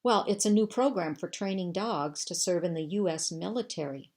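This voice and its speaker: A woman's voice: on the low side, normal speed, a little mellow, close to an everyday voice. A woman reading aloud, voicing an eager young American rescue worker who talks earnestly and coaxes a dog.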